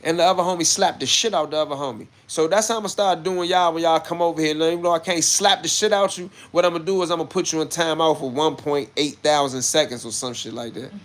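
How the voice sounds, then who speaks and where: A man chatting casually on a livestream and answering viewer comments. He is brash and swears, moving between low muttering and loud outbursts. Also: fast, hardly any pauses. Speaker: livestreamer reading chat comments.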